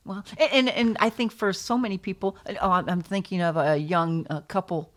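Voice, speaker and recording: A woman's voice: lowish voice, fairly even intonation, normal speed, few pauses. A middle-aged American woman, an author interviewed in casual chat, telling stories with effusive exclamations. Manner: effusive, warm storyteller with exclamations. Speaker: author guest.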